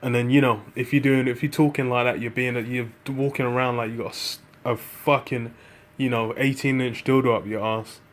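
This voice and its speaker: A man's voice: mid-range voice, little pitch movement, a little fast. A man preaching in a rambling, casual monologue, full of fillers and profanity, quoting scripture. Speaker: religious group member.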